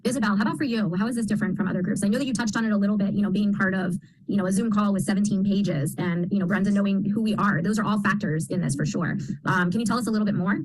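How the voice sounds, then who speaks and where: A woman's voice: mid-range voice, rapid-fire, a little mellow, poor audio. A woman coach leading a casual group video call, affirming the others as she talks.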